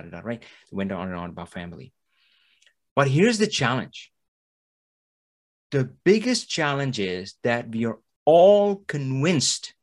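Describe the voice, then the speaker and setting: A man hosting a podcast, talking in a motivational monologue and acting out the voices of the people he quotes. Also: medium pitch. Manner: animated, acts out quoted voices. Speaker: podcast host. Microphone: studio mic, audio only.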